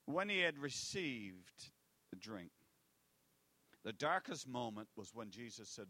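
A man preaching a sermon, swinging between loud declarations and hushed asides and repeating key phrases for effect. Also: medium pitch, sing-song, a little slow.

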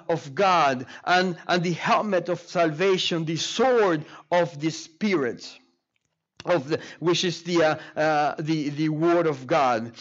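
A man preaching a sermon to his congregation, halting with frequent fillers and restarts, speaking to them directly. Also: high-pitched. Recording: muffled lo-fi sermon recording.

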